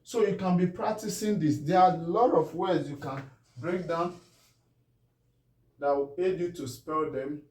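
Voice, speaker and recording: Male teacher with a Nigerian English accent, slightly high, mellow, patient syllable drills, distant echoey room. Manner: checks in often, asking if it is clear; drawn-out syllable-by-syllable pronunciation. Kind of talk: spelling lesson.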